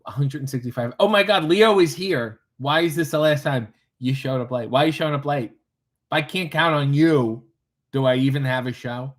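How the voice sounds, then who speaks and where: A man's voice: medium pitch, normal speed. Wry, profane man hosting a stream. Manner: wry, profane, joking asides while reading chat aloud. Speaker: livestream host. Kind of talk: casual livestream, reading chat comments. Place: hotel room.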